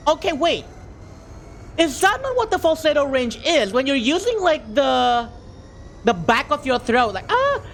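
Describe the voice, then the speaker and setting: A young adult streamer chatting casually with viewers, excitable, laughing often and stumbling over repeated words when flustered. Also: mid-range voice, slight background noise. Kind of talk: casual live-stream chat.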